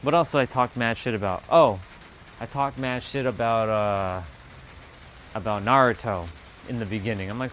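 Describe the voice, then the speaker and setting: A man's voice: mid-range voice, moderate pace, a little hiss or hum. A man in his thirties hosting a livestream, telling stories in a casual chat full of swearing and mocking quoted asides. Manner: profane, animated storytelling with mocking quoted asides. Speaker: livestream host.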